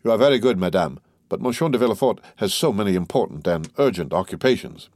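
Man voicing an urbane count, low and measured, dry sound. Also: lively intonation, a little mellow, no room sound. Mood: courteous. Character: urbane, composed middle-aged count, quietly commanding.

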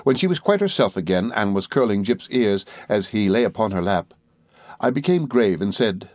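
A man reading a classic novel aloud as an audiobook narrator, in a measured storytelling manner. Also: fairly low pitch, lively intonation, no room sound, clean studio sound.

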